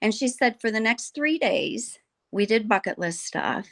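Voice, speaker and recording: A woman guest in a podcast conversation, telling a story in an earnest, animated way and quoting the people in it. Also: on the high side, a little slow. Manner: earnest, animated storyteller who quotes others.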